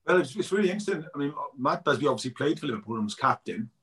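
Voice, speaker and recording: This is a documentary filmmaker appearing as a guest on an interview podcast, his voice a little high, fairly bright, and expressive, and he speaks very fast. He tells stories enthusiastically in a casual chat, filling them with lots of "you know."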